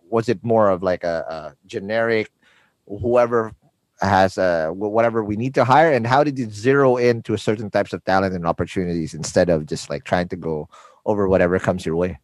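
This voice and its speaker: A Filipino man hosts a podcast in a casual, digressive way, stumbling over repeated words as he builds his questions. His pitch rises and falls with lively swings. The sound is dry and close, with almost no room around it. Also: no room sound. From Philippines. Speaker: podcast host. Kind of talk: casual interview.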